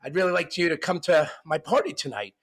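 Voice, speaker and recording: A man's voice: a little high, animated, fairly quick, a bit bright, breathy edge, full character voice. A man voicing a pushy male neighbor who invites a newcomer to a party, told inside a joke. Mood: coaxing.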